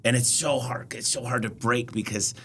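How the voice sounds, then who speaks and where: A man's voice: medium pitch, steady tone, moderate pace, a bit bright, slightly rough. A man hosting a podcast, talking casually and telling stories. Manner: casual, storytelling. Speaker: podcast host. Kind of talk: podcast conversation.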